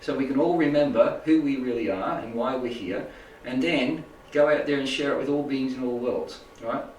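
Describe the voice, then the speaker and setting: A man's voice: medium pitch, moderate pace, a little mellow, slight background noise. A man teaching a small group in a loose, rambling way, often checking in with "right?" and "make sense?". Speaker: spiritual healing teacher. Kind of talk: informal talk to a small group. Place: indoor room with a live audience. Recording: echoey room, mic at a distance.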